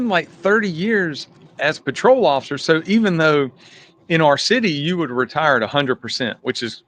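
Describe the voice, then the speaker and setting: A man hosting a casual podcast interview, relaxed and conversational, often murmuring agreement. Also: a little high. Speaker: podcast host.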